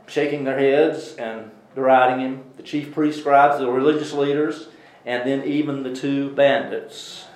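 A man teaching a Bible study class in a conversational way, putting questions to the class as he goes. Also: mid-range voice. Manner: conversational, asks the class questions, many restarts. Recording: echoey room.

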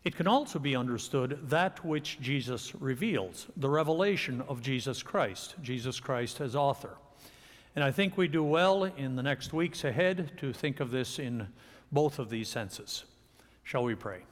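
A man's voice: medium pitch, lively intonation, measured pace. A male pastor delivering a sermon, leading a prayer and then preaching with rising emphasis in a church. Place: church sanctuary. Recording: long church reverb.

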